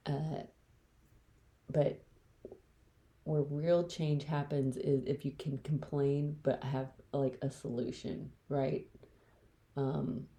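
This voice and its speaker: A woman's voice: very deep voice, gravelly, warm tone. A woman hosting a solo podcast, talking candidly and bluntly, swearing freely and dropping into whispers mid-rant. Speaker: podcast host.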